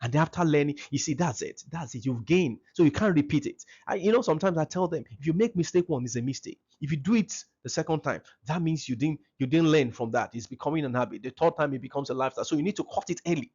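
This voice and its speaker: A man's voice: a little high, quick pace, few pauses, a little mellow, slightly rough, lo-fi sound. A man giving a seminar talk to parents, emphatic and repeating his key phrases.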